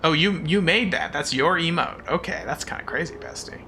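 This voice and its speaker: A man with a slightly high, bright and forceful voice talks a little quickly over faint background noise. He's streaming a puzzle game with music in the background, chatting casually, swearing often, poking fun at himself in frustration and thanking viewers along the way.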